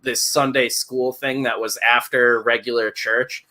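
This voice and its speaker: A man's voice: mid-range voice, level tone, unhurried, sharp tone. A man in his thirties chatting casually as a podcast co-host, telling rambling, profane stories and laughing as he talks. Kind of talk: casual chat.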